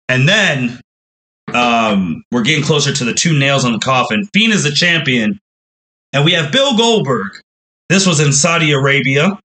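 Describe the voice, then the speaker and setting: Male podcast host, mid pitch, bright and forceful tone, casual storytelling recap that voices the fans' reactions. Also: moderate pace, low-quality recording.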